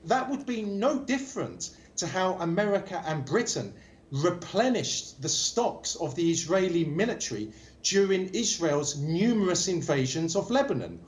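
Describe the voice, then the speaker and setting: A man as a guest commentator in a formal political interview, speaking in measured phrases and pressing home his points with rhetorical questions. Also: sits high, sing-song.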